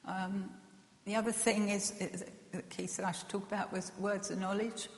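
A woman gives a gentle, earnest personal testimony, pausing often with fillers and soft laughs. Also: medium pitch, level tone. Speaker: speaker sharing a personal testimony. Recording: echoey hall with long reverb.

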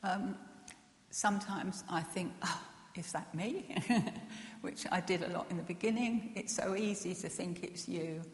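A woman gives a gentle, earnest personal testimony, pausing often with fillers and soft laughs. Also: fairly low pitch. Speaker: speaker sharing a personal testimony. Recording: echoey hall with long reverb.

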